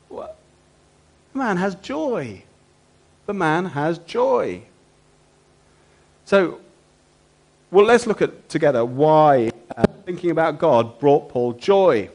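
A preacher giving a sermon, a man who keeps asking his listeners rhetorical questions. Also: a little high.

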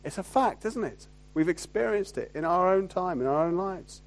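A man preaching a sermon in a conversational way, often asking rhetorical tag questions and swinging from loud emphasis to quiet asides. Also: sits high, expressive, normal speed, gravelly. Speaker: pastor.

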